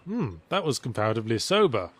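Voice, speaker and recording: A man's voice: mid-range voice, big pitch swings, fast, a bit bright, faint music behind. A man giving dry, sardonic co-commentary over a video game. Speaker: let's play co-commentator. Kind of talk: dry mock-documentary commentary.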